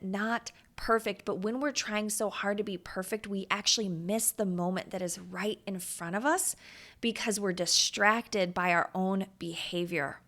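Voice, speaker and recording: A woman in her thirties hosts a motivational podcast and speaks straight to her listeners. She is earnest and confiding, and she turns emotional. Her pitch sits in a medium range. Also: fairly bright tone. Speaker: podcast host.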